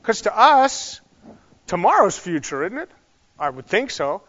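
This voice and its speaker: Guy teaching bible class, kinda high voice, lots of ums and side comments, muffled lo-fi sound. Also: very animated, unhurried, fairly bright tone. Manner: conversational, rambling, with many fillers and asides. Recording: dull sound in a large reverberant hall.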